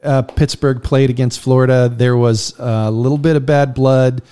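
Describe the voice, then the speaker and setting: Male co-host, average pitch, easygoing and measured, reading out picks. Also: steady tone, mellow, clear, resonant tone. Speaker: podcast co-host running the predictions. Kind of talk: casual sports podcast chat.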